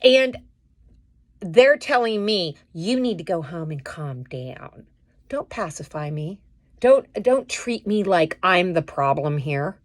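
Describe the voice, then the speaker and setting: A woman's voice: fairly low pitch, takes it slowly, no room sound, studio quality. A woman talking straight to camera in a casual vlog, angrily venting as she retells a fight at work. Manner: indignant, venting, animated retelling. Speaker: vlogger.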